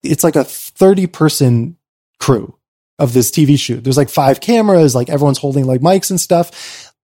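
A middle-aged man telling a lively story in a casual conversation, acting out quotes and saying "like" a lot. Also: normal speed. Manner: animated, acts out quotes in a high voice, many "like"s. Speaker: guest.

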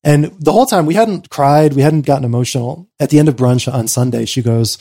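A man telling a personal story in an interview, swinging between excited rushes and quiet reflective lows, with lots of "like" fillers. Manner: frequent "like" fillers. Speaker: interview guest.

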